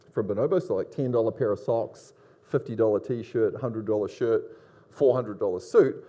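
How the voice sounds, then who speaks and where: Man, Long Island accent, middle-aged, conference talk, conversational, quizzes the audience, warm mellow tone. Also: mid-range voice. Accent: Long Island New York. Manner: lively, conversational, poses questions to the audience. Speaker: conference speaker, business academic. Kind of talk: conference presentation.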